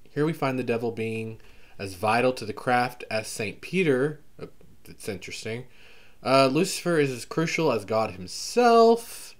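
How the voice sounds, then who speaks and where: Browsing a book catalog on his vlog, a man with a mid-range voice reads blurbs aloud at a moderate pace. He speaks with a subdued Southern US accent, keeps things casual and animated with exclamations and filler while skimming, and coughs occasionally because of allergies.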